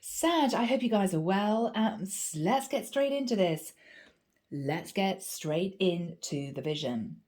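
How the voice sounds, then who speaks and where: A woman with a gravelly voice from a cold, giving a chatty, animated tarot reading. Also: mid-range voice, slow pace. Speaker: tarot reader. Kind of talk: casual spoken tarot reading.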